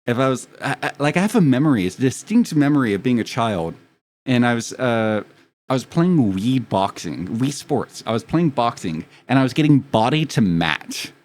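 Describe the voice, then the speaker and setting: A man's voice: mid-range voice, big pitch swings, moderate pace, a little mellow. A young man chatting casually with his live stream audience, telling rambling, profane, self-mocking stories.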